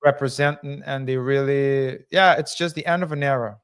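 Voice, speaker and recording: A man's voice: medium pitch, steady tone, normal speed, clean tone. A man co-hosting a podcast in casual chat, rambling with many fillers and hedges. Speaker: podcast co-host.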